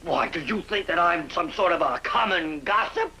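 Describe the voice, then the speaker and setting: An actor in a 1960s sitcom playing a gossipy, theatrical sailor who talks in quick bursts. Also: male voice, a little high, expressive, sharp tone. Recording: noisy old TV soundtrack.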